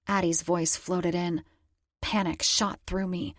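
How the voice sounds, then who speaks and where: A woman narrating a first-person romance audiobook with a slightly low voice and a wry, conversational way of telling. The recording is close-miked and dry, with no room sound. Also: flat delivery, takes it slowly, a bit bright, no room sound.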